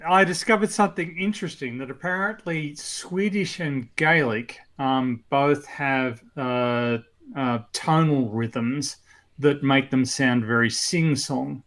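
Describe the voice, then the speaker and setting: A man's voice: medium pitch, slow pace, fairly bright tone. A man co-hosting a podcast, sharing trivia in casual chat, hesitant and full of "uh" and "so". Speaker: podcast co-host.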